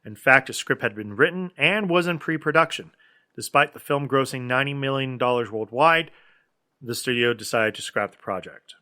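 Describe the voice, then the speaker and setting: Male podcast co-host, bright crisp voice, excitable and chatty, reads trivia in between filler words. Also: medium pitch, moderate pace. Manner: enthusiastic, filler-heavy, reads trivia aloud. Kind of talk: casual movie podcast chat.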